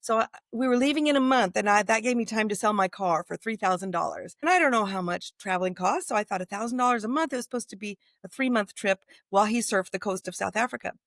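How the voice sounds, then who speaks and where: A woman's voice: medium pitch, fast, few pauses, no echo, clean studio sound. A woman in her fifties from the United States, a guest author telling travel stories in a casual interview and acting out the dialogue. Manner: animated storyteller, acts out quoted dialogue.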